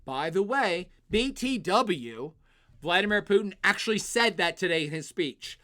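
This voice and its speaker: A man's voice: sits high, lively intonation, normal speed, bright, forceful tone. A man hosting a live stream, reading chat questions and answering in a blunt, opinionated, casual way, with plenty of filler sounds and the odd swear.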